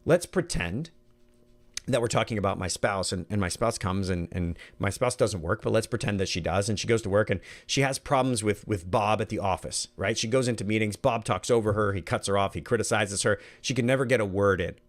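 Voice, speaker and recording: A man's voice: fairly low pitch, fairly quick. Earnest middle-aged man teaching a workshop. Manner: earnest, conversational, repeats words as he thinks. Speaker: workshop presenter. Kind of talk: online workshop talk.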